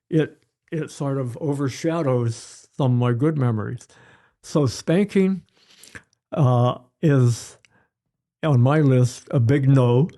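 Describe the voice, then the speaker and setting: An older man, a pediatrician guest, giving parenting advice in an unhurried storytelling way. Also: medium pitch, warm tone. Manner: unhurried, storytelling, acts out examples. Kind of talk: advice-giving interview chat.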